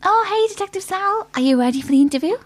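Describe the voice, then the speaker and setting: A woman's voice: very high-pitched, animated, fast talker, loud music behind the voice. A woman playing Pat, a chirpy, deferential female detective.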